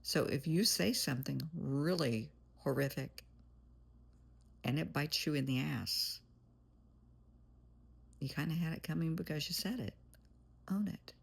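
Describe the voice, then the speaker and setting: A woman's voice: sits low, unhurried, vocal fry, long pauses, husky. A woman therapist giving blunt, plain-spoken advice in a monologue, calling the listener "honey". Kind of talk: motivational monologue.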